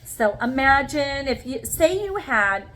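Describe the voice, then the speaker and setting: A woman's voice: high voice, very animated, slow, pushed and bright, low-quality recording. A woman demonstrating sponge painting in a casual craft vlog, talking viewers through each step and checking in with them often. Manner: chatty, talks viewers through each step with frequent "okay?". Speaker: craft vlogger.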